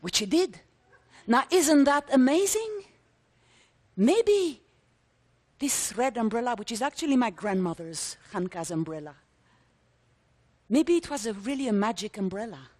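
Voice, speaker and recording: A woman's voice: on the high side, animated, unhurried, pauses often, a little mellow. A woman performing a story on stage, telling it in a dramatic, theatrical way with vivid lists and emphatic repeats. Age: 60s. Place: conference stage before a live audience.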